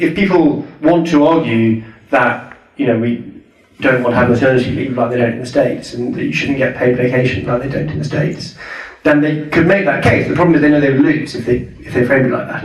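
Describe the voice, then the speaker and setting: A man's voice: medium pitch, fairly even intonation, brisk, distant mic. Scottish-born man talking in an echoey hall. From Scotland. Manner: thoughtful, conversational, many restarts and "you know"s. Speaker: guest speaker. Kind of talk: talk at a public rally. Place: hall at a public event.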